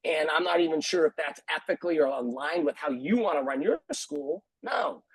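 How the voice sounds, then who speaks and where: A man's voice: sits high, husky, dry recording, low-quality recording. A man who runs a martial arts school, talking earnestly on a video call panel and repeating phrases for emphasis.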